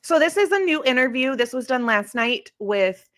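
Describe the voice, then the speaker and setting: A woman's voice: high voice, lively intonation, normal speed, a bit bright, no echo, clean studio sound. A woman hosting a casual true crime livestream, chatting in a rambling way and answering comments from her live chat. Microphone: streaming setup.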